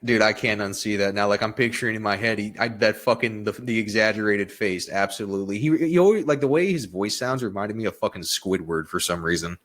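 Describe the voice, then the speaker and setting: A young man telling stories in a casual podcast chat, swearing freely and animated. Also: fairly low pitch, brisk, few pauses. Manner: profane, animated storytelling. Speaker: podcast guest, Marine veteran.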